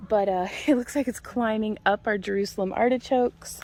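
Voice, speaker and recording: A chatty woman with a twang gives a casual tour of her backyard garden, her voice sitting at an everyday middle pitch. She talks in a folksy, easygoing way and laughs often. A faint hiss of outdoor noise runs underneath. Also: steady tone, moderate pace, darkish tone. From Missouri. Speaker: homestead vlogger. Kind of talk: casual garden walk-through vlog.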